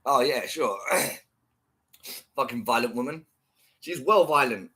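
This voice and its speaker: A man's voice: medium pitch, slow. A man vlogging, commenting on a clip in a profane, mocking, rambling way. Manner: mocking, sweary, animated.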